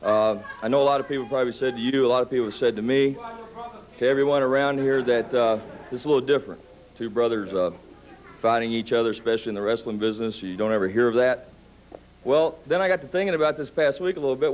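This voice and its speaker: A man in his thirties telling a story in a wrestling interview, building up to shouted threats. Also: medium pitch, fast, poor audio. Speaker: wrestler cutting a promo.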